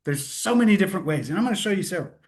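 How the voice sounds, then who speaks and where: A man's voice: high voice, very animated, rapid-fire, a little mellow. A man hosting a live sales webinar, upbeat and chatty, correcting himself and laughing at his own slip-ups, speaking into a computer mic. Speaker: webinar host.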